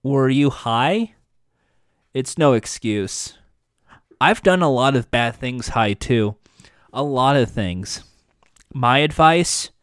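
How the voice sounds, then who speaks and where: A world-weary woman who has seen it all offers soft, tired advice, as a recapper reads her lines. She speaks slowly and evenly, and the sound is dry and close. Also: medium pitch, expressive, smooth, no room sound.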